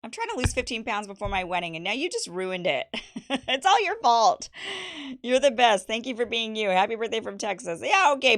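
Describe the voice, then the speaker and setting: The host of this birthday livestream is a young woman whose mid-range voice has a gravelly edge. She chats easily about her life, reads viewers' messages aloud, and tosses in teasing remarks and laughter.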